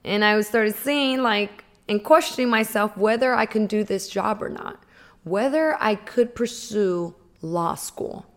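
A woman speaks at an ordinary pitch, telling her own story as a personal testimony. Her delivery is earnest and emotional, and she slows down and pauses to stress key points. It sounds like a motivational talk.

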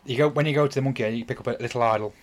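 A man's voice: mid-range voice, very fast. A man, casually retelling a game's plot on a podcast, rambling and apologizing as he goes. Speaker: podcast host. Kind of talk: casual chat.

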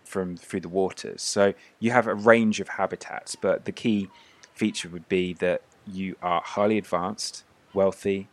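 Running a tabletop game as its game master, a man with a deep voice narrates and describes each scene in lengthy detail, peppering his speech with fillers.

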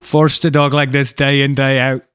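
A man voicing a rambling, deadpan salesman of potato peelers with a put-on Irish accent. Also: mid-range voice, moderate pace, clean tone, no room sound, clean studio sound, close to an everyday voice. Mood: earnest. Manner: rambling, earnest storytelling with quoted voices. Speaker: improv performer. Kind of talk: improvised comedy bit.

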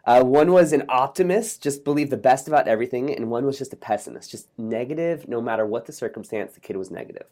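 A middle-aged man, a podcast guest, telling a joke and stories in a lively, optimistic way in a casual interview. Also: mid-range voice, quick pace, few pauses. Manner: energetic, optimistic, acts out voices in a joke.

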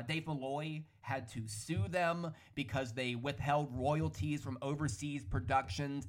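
Man, podcast host, hoarse worn-out voice, slightly high pitch, animated opinionated rant, solo monologue. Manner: animated, opinionated, hedging with "allegedly". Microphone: studio podcast microphone.

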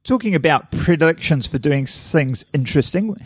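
A man's voice: fairly high pitch, lively intonation, moderate pace, breathy edge, dry recording. Rambling, laughing man chatting on a podcast. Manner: laughs often, rambles with restarts. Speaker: podcast co-host. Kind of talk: casual chat.

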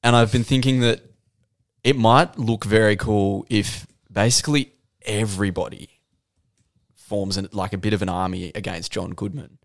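A man's voice: on the low side, fairly even intonation, normal speed. A man co-hosting a comedy podcast, tossing out silly movie ideas in a playful, chatty way with laughing asides. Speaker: podcast co-host. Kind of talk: casual comedy brainstorm.

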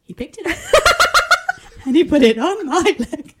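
A woman's voice: sits high, very animated, measured pace, very noisy. A woman in her twenties co-hosting a casual podcast, telling a dating story with lots of laughing and whispered asides. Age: 20s. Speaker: podcast co-host. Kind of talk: casual chat.

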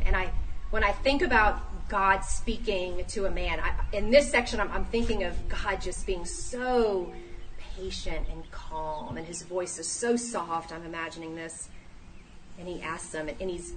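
A woman in her thirties giving a sermon, lively and acting out the voices she quotes. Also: fairly low pitch. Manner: animated, acts out quoted voices. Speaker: speaker at a church talk. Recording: distant mic, faint room noise.

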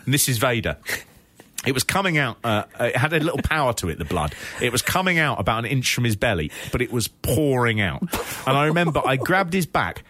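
A man's voice: medium pitch, brisk. A man co-hosting a podcast, telling a wild story in casual, laughing chat with swearing and acted-out quotes. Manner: animated, laughing, swearing, acts out quoted voices. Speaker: podcast co-host.

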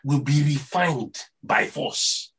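A man with a Nigerian accent delivers a sermon. His voice is husky, and his pitch swings widely as he presses each point. He keeps circling back to the same phrases. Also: lively intonation, takes it slowly, a bit bright. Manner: earnest, repeats "you see" and phrases for emphasis. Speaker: preacher.

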